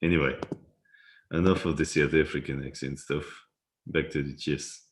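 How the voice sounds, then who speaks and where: Very deep-voiced man chatting in a roomy space. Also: steady tone, moderate pace. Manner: chatty, laughs often, reads viewer comments aloud. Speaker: livestream host. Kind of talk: casual live-stream chat while playing chess. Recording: roomy echo.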